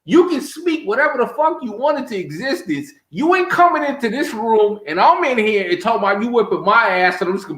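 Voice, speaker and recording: A man's voice: very high voice, lively intonation, a little fast, hardly any pauses, a bit bright, reverberant. A man co-hosting a live gaming talk show, talking trash in a profane, emphatic way. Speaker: show co-host. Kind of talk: trash-talking casual chat.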